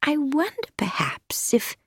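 A woman reading an audiobook, voicing a shrewd, gentle elderly female sleuth in a soft, delicate, hesitant way. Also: medium pitch, big pitch swings, takes it slowly, gravelly, slightly rough, dry recording, studio quality, heavily acted. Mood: gentle probing.

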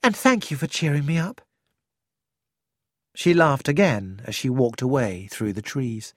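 An audiobook narrator reading a first-person story in a measured, deliberate way. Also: medium pitch, no room sound, studio quality. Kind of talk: scripted narration.

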